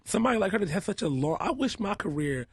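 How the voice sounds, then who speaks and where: A man being interviewed on a radio show in a studio, telling stories about his work with lively energy and acting out what people said. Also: high voice, fast, slightly rough, no echo. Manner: animated storyteller, acts out quotes loudly. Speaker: makeup artist and house mother, guest.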